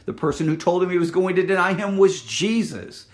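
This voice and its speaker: Man, high-pitched voice, sermon, dramatic rises and hushed drops, repeats himself. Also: animated, fairly quick. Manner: dramatic, drops to near-whisper for emphasis, then rises; repeats words and restarts. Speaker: preacher.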